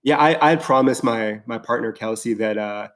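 A man chatting casually as a guest, excited and rambling, full of fillers and restarts. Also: medium pitch, normal speed. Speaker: podcast guest. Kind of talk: casual chat.

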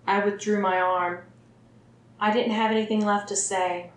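Woman reading a bedtime-style story, steady and even, middle pitch, echoey room. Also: normal speed. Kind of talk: first-person story narration. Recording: roomy echo.

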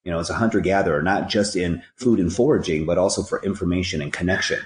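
A man's voice: sits low, fast, roomy sound. A man speaking as a podcast guest, telling stories and giving earnest, preachy life advice with rhyming catchphrases. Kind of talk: conversational storytelling and life advice.

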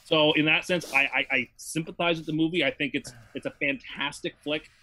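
A man's voice: on the high side, fairly even intonation, brisk, bright, forceful tone. A man co-hosting a podcast in casual chat, talking in a mock-grandiose, wordy way about himself. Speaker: podcast co-host.

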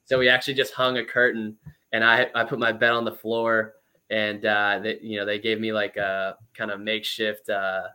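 A man in his twenties, a former pro baseball player, telling stories as a guest in a casual interview, chatty and lively with lots of fillers. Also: lowish voice, normal speed, clear, resonant tone.

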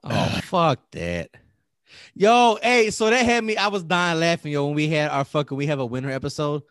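A man's voice: fairly high pitch, fairly even intonation, fast talker, a bit bright, clean tone, dry recording, studio quality. A man hosting a podcast in loose, profane casual chat, a bit tipsy from drinking. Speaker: podcast host.

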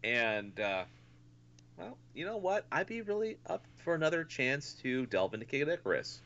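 A man's voice: medium pitch, sing-song, moderate pace, a bit bright, dull audio. A man co-hosting a casual podcast, rambling and swearing with lots of fillers. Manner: rambling, profane, many fillers. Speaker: podcast co-host.

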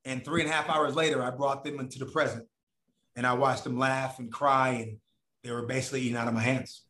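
Animated man telling stories, echoey room. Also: mid-range voice, fast talker, a little hiss or hum. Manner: animated, profane, acts out voices of others. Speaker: podcast guest. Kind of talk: casual storytelling.

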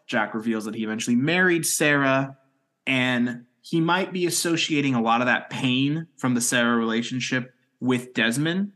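A man co-hosting a casual podcast, recapping plot points in a quick storytelling way. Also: mid-range voice, sharp tone. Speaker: podcast co-host recapping episodes. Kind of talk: casual chat.

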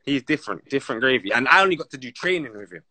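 A man's voice: mid-range voice, very fast, dry recording. A man with a London accent telling football stories in casual, slang-heavy, rambling chat as an interview guest. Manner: slang-heavy, rambling and animated, many restarts.

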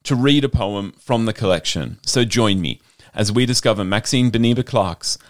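A man's voice: on the low side, moderate pace, no room sound, clean studio sound. Effusive male podcast host. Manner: effusive, openly emotional. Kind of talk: radio interview, scripted intro and chat.

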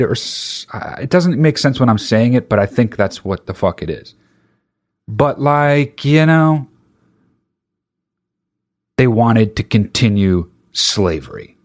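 A comedian doing a stand-up rant, talking in an exasperated, profane and rhetorical way. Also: male voice, lowish voice, lively intonation, takes it slowly, pauses often.

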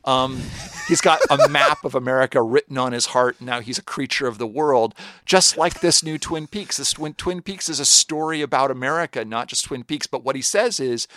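A man's voice: mid-range voice, a bit bright, no room sound. Dry-miked man musing on a podcast. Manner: thoughtful, rambling, jokey asides. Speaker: podcast co-host. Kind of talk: casual podcast discussion.

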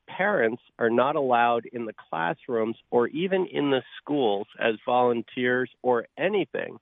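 A man's voice: medium pitch, gravelly, no echo. Male caller on a tinny phone line. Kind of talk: radio call-in. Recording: phone line into radio show.

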